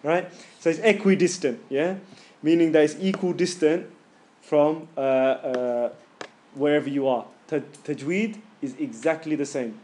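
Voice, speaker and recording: A man's voice: a little high, slight background noise. Casual man teaching in class. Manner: casual, joking, demonstrates sounds loudly and slowly. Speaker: tajweed teacher.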